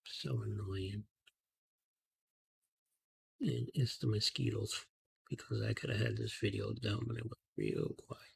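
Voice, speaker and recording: A man softly telling a rambling story in a half-whispered ASMR style, talking casually with slang and fillers, outdoors at night on a close mic. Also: lowish voice, fairly even intonation, a little slow, gravelly, pauses often, a little hiss or hum. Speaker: ASMR channel host. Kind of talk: ASMR storytelling while coloring.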